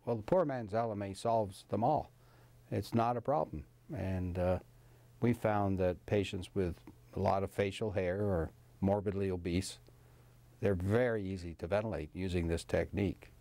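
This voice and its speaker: A man's voice: low voice, normal speed, dark tone, no echo. An older man, a professor of anesthesiology, recalling his work in a rambling, hesitant interview style with many fillers. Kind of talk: casual interview recollection.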